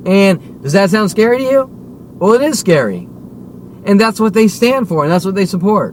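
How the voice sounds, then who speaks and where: Angry high-voiced man ranting. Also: lively intonation, a little fast, slight background noise. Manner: heated, profane, repeatedly demanding "okay?". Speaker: vlogger.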